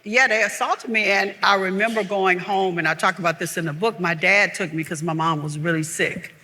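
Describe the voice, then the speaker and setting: An older woman, a guest author, tells personal stories candidly in conversation on a live theater stage, and the sound is reverberant. Her voice is fairly low, brisk, bright and forceful, and she speaks earnestly and from the heart, often restarting her sentences.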